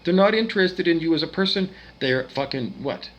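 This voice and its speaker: A man from Canada ranting angrily, swearing often and swinging between loud outbursts and quieter muttering. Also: fairly high pitch, lively intonation, brisk, low-quality recording. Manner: profane, agitated ranting with swings in loudness. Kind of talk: angry rant monologue.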